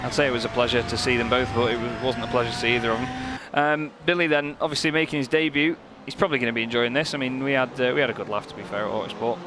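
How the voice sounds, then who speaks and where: A man's voice: medium pitch, rapid-fire, few pauses. Man commentating over roaring cars. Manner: lively, joking, gets excited at close moments. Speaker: race commentator. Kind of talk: sim racing commentary. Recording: commentary over loud race car noise.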